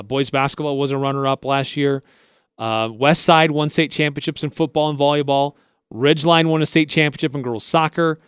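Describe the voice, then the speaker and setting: A man hosting a sports radio show, running through results in steady casual talk. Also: a little high, smooth, dry recording, studio quality. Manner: steady, listing facts plainly.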